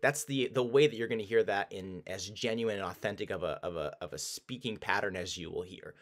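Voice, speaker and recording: A man with a voice on the low side teaches a casual language lesson. He explains with relaxed restarts and says example phrases slowly and repeatedly.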